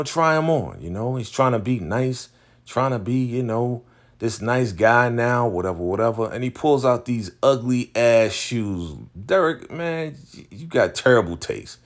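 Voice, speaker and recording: In a lowish voice, a man hosting a TV recap retells an episode in casual chat. He's animated, using slang and lots of fillers.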